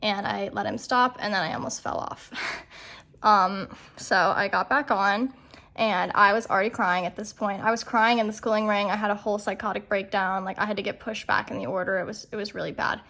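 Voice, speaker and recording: A woman's voice: medium pitch, steady tone, brisk, bright, forceful tone. A young woman vlogger and rider, talking in a chatty, self-deprecating way with lots of "like". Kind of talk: casual vlog voiceover and on-camera chat.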